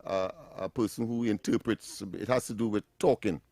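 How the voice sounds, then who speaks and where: A man's voice: on the low side, fairly even intonation, normal speed, dark tone, no room sound. A man hosting a morning talk radio show, bantering, laughing often and repeating words as he works through them.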